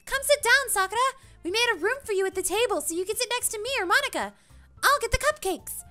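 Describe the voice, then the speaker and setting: A woman voicing a bubbly, excitable teenage schoolgirl in a visual novel game. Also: fast talker, faint music behind, heavily acted. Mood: excited. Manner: high, excited, whiny.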